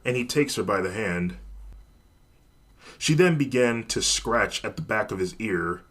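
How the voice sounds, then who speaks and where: Low-voiced man narrating a fan story. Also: a little slow, a bit bright.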